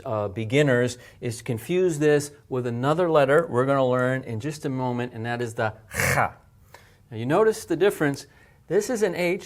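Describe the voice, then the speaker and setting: In a medium-pitched voice, a male teacher works through an alphabet lesson, covering handwriting and sounds evenly. He's patient and clear, going step by step and voicing each sound on his breath to model it.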